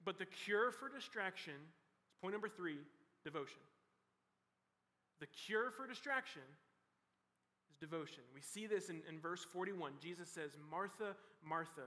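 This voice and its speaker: A young man preaches to students in a relaxed, conversational way, peppering his talk with fillers. His voice sits high and bright. It rings out with a long reverb through a large hall. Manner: casual and conversational, full of "like" and "you know". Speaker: youth pastor. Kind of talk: youth sermon.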